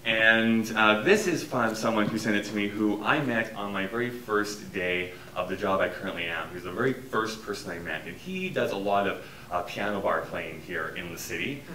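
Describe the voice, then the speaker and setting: A low-voiced man reads a story aloud and hosts a live show in a relaxed, easy way. He sounds distant and echoey, with faint noise in the venue. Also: moderate pace. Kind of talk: live reading and hosting. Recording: echoey room from far off.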